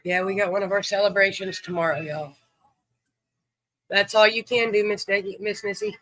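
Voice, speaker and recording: A man's voice: high voice, steady tone, normal speed, sharp tone, no room sound, rough recording. A man hosting a livestream, chatting easily with viewers and greeting them by name. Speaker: livestream host. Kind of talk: casual chat with viewers.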